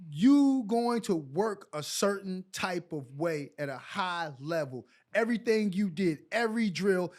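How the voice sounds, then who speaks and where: A former pro basketball player, a man from New York, telling stories in a casual chat and acting out the quotes. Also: high voice. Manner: animated, acts out quotes in a raised voice. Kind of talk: casual storytelling.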